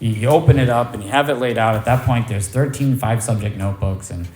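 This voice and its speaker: A man shares his recovery story at a meeting, candid and quick to poke fun at himself. His voice sits at an ordinary pitch. It rings in a roomy, echoing space. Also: darkish tone. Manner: candid, self-deprecating storytelling. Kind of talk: personal recovery testimony. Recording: echoey room.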